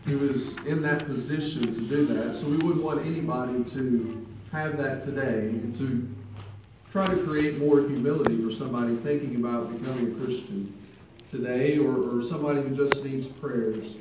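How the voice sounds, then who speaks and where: In a church hall, a man preaches a sermon in a conversational, storytelling manner, making earnest appeals to his listeners. His mid-range voice is steady in tone at normal speed, captured by a distant mic in a very echoey hall with background noise.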